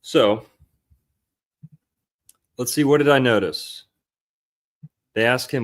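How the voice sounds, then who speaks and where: A man with a fairly low voice hosts a casual podcast, picking a film apart. He rambles, swears freely and drops into the lines he quotes. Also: moderate pace, pauses often. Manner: rambling, loose and profane, acts out quotes. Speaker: podcast host. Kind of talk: casual film-analysis chat.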